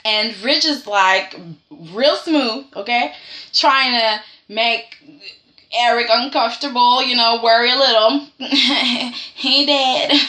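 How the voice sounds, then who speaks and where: A chatty woman with a high, bright voice recaps a soap opera for her vlog, leaning on "okay" and "like". She talks at an unhurried pace in an echoey room. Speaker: soap opera review vlogger.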